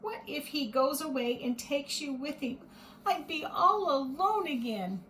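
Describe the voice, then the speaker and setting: A woman's voice: high voice, animated, unhurried, a little hiss or hum, voice pushed up. A woman voicing a timid, easily frightened little girl doll in a read-aloud storybook. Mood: fearful. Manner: soft and worried, pleading.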